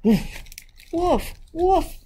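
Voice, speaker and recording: A woman voicing an exasperated farmer who shouts alarms and scolds birds, reading a children's storybook. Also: very high voice, lively intonation, drawn-out words, a little hiss or hum, pitched above the performer's own voice, heavily acted. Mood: shouting. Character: hungry, exasperated farmer man.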